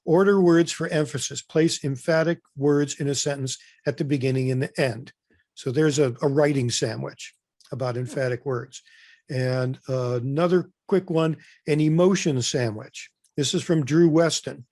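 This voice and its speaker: A man's voice: mid-range voice, moderate pace, a little mellow, no echo. Chatty man presenting a webinar, dry sound. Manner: loose and conversational, with many fillers and restarts.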